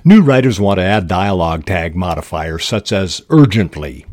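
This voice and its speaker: Low-voiced man teaching fiction writing. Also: animated, darkish tone, no room sound, studio quality. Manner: measured, reads examples aloud with short pauses. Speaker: writing podcast host. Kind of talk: instructional talk on fiction writing.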